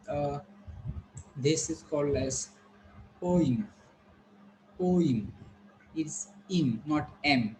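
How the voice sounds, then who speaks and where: A male teacher giving a classroom pronunciation lesson, patiently repeating words slowly and quizzing the class. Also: fairly high pitch, darkish tone, slight background noise, poor audio. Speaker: English teacher.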